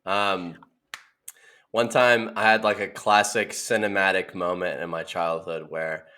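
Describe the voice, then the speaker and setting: A young man with a fairly low speaking voice trades childhood stories on a casual podcast. He laughs often and jumps up into a high voice to act out what he said. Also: a little slow. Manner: animated storyteller, laughing often, acting out quotes in a high voice. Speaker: podcast co-host. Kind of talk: casual chat.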